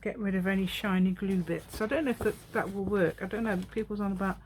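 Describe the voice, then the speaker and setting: A woman's voice: mid-range voice, quick pace, a little mellow, a little hiss or hum. A woman in her fifties chatting and rambling as she makes a craft piece at home, talking to herself and laughing often. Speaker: craft vlogger.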